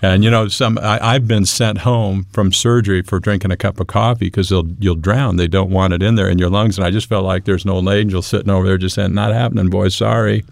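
A man's voice: sits low, steady tone, brisk, creaky, few pauses, no echo, clean studio sound. A man recounting a personal ordeal as an interview guest, rambling with wry humor. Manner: rambling, restarts mid-sentence, wry humor. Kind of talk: casual storytelling.

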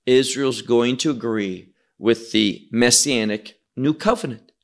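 Man, Bible teacher, slow pace, somewhat high voice, explanatory, Hebrew terms. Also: a bit bright. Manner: unhurried, explanatory, asks and answers his own questions.

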